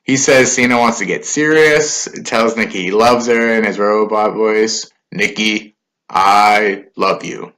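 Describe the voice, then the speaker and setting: A man's voice: lowish voice, normal speed, few pauses, fairly bright tone. A man giving a casual spoken recap of a wrestling show, loose and conversational with filler words and asides.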